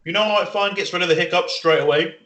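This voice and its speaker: Bright, excitable man in an echoey room. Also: high voice, fast talker. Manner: excitable, swears, eager to tell stories. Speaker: podcast co-host. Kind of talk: crude casual banter.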